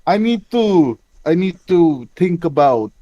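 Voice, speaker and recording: A man speaking in character as a tabletop game player, in a halting way with lots of stammered restarts. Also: on the high side, sing-song, warm tone, lo-fi sound, a little hiss or hum. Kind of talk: in-character tabletop role-play.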